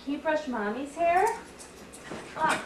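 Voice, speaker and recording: Indoors at the family home, a woman records her toddler on a camcorder and repeats playful, sing-song prompts to coax her. She speaks high and animated but a little slowly. The camcorder mic picks up reverb and a noisy background.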